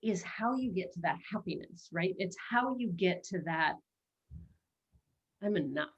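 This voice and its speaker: A woman's voice: lowish voice, animated, unhurried, lo-fi sound. A middle-aged woman hosting a webinar, coaching in a casual, playful way and slipping into quoted self-talk, speaking over a video call.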